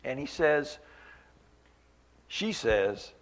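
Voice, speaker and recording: A man's voice: medium pitch, measured pace, fairly bright tone. A man preaching a sermon at a church meeting, earnest, repeating key phrases for weight.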